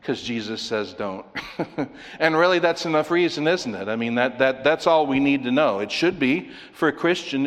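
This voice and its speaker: A man preaching an expository sermon in an earnest, explaining way, asking rhetorical questions as he goes through a passage. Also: mid-range voice. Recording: long hall reverb.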